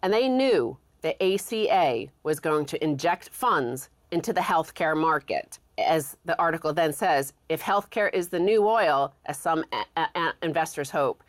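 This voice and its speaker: A woman co-hosting a talk show, reading news quotes aloud and explaining them in a measured way. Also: deep voice, lively intonation, dry recording. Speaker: co-host.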